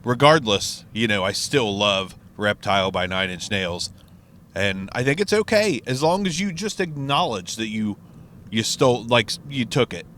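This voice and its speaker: A man's voice: lowish voice, big pitch swings, unhurried, a bit bright, slight background noise. A man talking casually and rambling about albums, swearing freely while driving. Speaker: music reaction vlogger. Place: inside a car.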